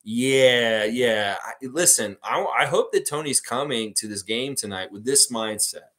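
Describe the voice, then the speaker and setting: Man, sports stream host, casual live chat, rambling, animated, reads comments aloud, mid-pitched voice. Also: a little slow.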